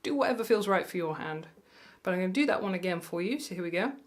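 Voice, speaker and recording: A woman teaching mandolin, patient and reassuring, counting beats aloud slowly. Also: lowish voice, expressive. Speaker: music tutor. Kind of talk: mandolin lesson. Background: mandolin playing.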